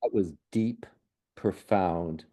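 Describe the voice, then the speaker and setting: A man with a lowish, warm, mellow voice, speaking as a medium on a podcast. He tells personal stories earnestly and without hurry, sometimes laughing softly or restarting a sentence. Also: takes it slowly. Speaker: guest, spiritual medium and healer. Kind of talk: reflective personal storytelling in a podcast conversation.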